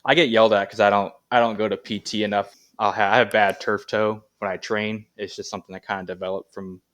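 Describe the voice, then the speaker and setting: A man being interviewed as a Paralympic athlete, talking in a relaxed, rambling way with many fillers. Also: fairly low pitch, fast talker. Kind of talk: casual interview chat.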